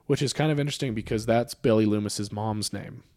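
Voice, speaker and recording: A man co-hosting a podcast in casual chat, talking freely with fillers and getting animated when he makes a point. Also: on the low side, a little fast, dry recording. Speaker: podcast co-host.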